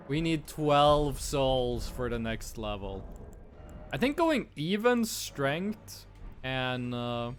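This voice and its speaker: A man from Estonia, streaming a game and playfully musing aloud over how words are pronounced. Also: a little high. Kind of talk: casual live-stream gaming commentary.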